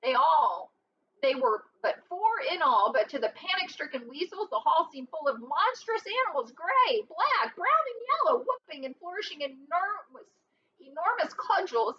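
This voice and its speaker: A woman reading a storybook aloud expressively, adding short asides of her own. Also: high voice. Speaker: reader. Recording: dull lo-fi with faint hiss.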